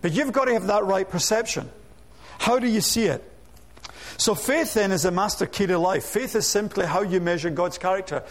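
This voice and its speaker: A man preaching with energy in a high voice. He piles up rhetorical questions and slips in humorous asides. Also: moderate pace. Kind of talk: sermon.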